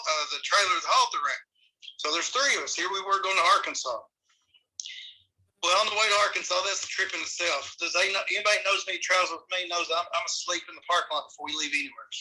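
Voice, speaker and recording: A middle-aged man, casually telling rambling, animated stories as a podcast guest. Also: a little high, poor audio. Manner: rambling, animated, with many restarts. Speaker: guest, former amateur wrestler. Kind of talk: casual storytelling.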